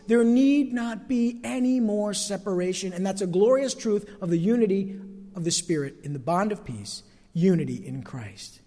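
Preaching from the sanctuary pulpit, this man's high voice has a darkish tone. He leans into an emphatic style, stretching out key phrases and asking his congregation for amens, heard through long hall reverb.

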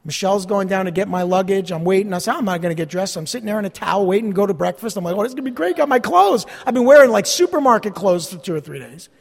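A pastor preaching a sermon, telling stories about himself with self-deprecating humor. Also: male voice, high-pitched, rapid-fire, hardly any pauses, long reverb tail.

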